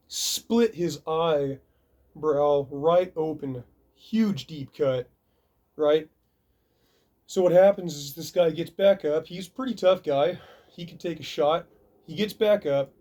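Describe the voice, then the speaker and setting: Brief: male vlogger telling a story, lively and casual, acting out the fight with sound effects. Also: on the high side. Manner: animated, acts out punches with sound effects. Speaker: video reviewer.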